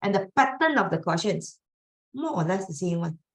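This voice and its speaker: A woman's voice: medium pitch, very animated, normal speed. A woman tutor with a Malaysian English accent, teaching an exam-prep accounting lesson and often checking that students follow. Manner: mixes Malay and English, coaxing checks for understanding.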